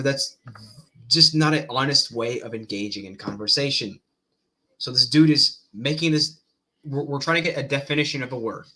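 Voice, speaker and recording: A man talks through a debate clip he is watching, stopping and restarting, repeating words as he thinks aloud. His voice is very bright and sharp, in a mid pitch. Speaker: commentator reacting to a debate clip. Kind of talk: casual reaction commentary.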